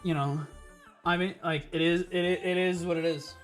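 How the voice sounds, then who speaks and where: A man streaming in a casual chat, rambling and excitable, stumbling over restarts and breaking into shouting bursts. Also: high-pitched, moderate pace, faint music behind. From United States.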